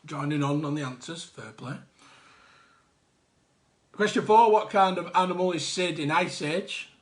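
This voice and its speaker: A man's voice: a little high, a little slow. A man hosting a live online quiz, reading out answers with jokey, chatty asides. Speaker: quiz host.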